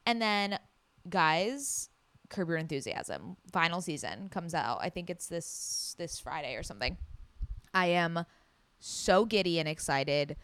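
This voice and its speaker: A young woman hosting a solo podcast, chatting excitedly and gushing, with casual swearing. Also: lowish voice, unhurried, smooth. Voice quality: loud. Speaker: podcast host.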